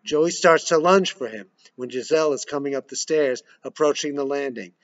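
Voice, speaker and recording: A man's voice: medium pitch, normal speed. Man, screenplay reader, stage directions, plain delivery, muffled recording. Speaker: script reader. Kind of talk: reading a screenplay aloud. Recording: dull lo-fi recording.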